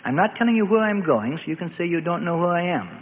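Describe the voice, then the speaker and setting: A man voicing an eager, hunted apostle speaking low and urgently. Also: animated, fast talker. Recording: phone-like band with long reverb and faint noise.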